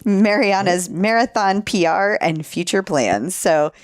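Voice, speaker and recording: A woman's voice: mid-range voice, a little slow, no room sound, clean studio sound. A woman co-hosting a podcast in casual chat, talking freely and often breaking into laughter. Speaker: podcast co-host.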